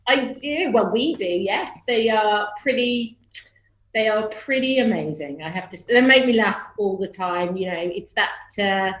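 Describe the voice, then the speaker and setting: A woman guest on a radio show, chatting and telling stories in a lively, joking way. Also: mid-range voice, a little slow. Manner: lively, chatty storyteller who jokes. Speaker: celebrity guest. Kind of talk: casual radio chat. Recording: echoey roomy sound.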